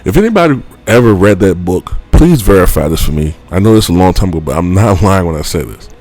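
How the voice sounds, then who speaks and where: A man's voice: low-pitched, animated, fast, darkish tone, faint music behind. A man vlogger telling a personal story in a rambling, casual way, full of fillers and offhand swearing.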